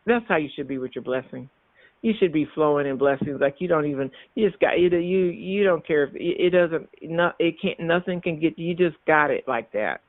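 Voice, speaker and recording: A man's voice: a little high, normal speed, no room sound. A man preaching a sermon, emphatic and repetitive, with frequent restarts. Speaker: minister. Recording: tinny phone-like sound, dry.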